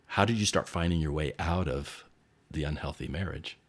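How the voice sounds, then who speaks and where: A man hosting an interview and asking calm, measured questions. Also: a bass voice. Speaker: host.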